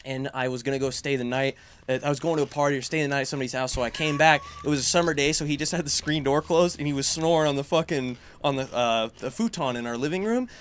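A man hosting a casual chat, telling a rowdy story and shouting out the quotes. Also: medium pitch, fast, slight background noise.

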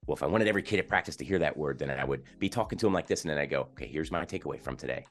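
A man who coaches youth sports, a podcast guest explaining his ideas earnestly and growing animated as he makes his points. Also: a bass voice, rapid-fire. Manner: earnest and explanatory, gets animated and louder when making points. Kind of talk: in-depth interview conversation.

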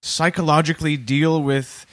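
A man's voice: on the high side, steady tone, normal speed, fairly bright tone, no room sound. A young man co-hosting a comedy podcast, chatty with a dry delivery. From Canada. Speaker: podcast co-host. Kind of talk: casual comedy podcast chat.

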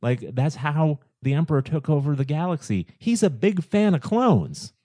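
A man co-hosting a casual podcast, talking through film plots in an animated, rambling way, full of restarts and rhetorical questions. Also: fairly high pitch, normal speed, no room sound. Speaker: podcast co-host.

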